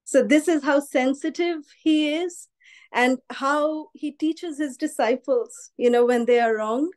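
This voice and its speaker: A woman's voice: high-pitched, measured pace. A woman telling a personal story at a devotional gathering, acting out the voices of the people in it. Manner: anecdotal, quotes others with lively voices. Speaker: devotee sharing memories.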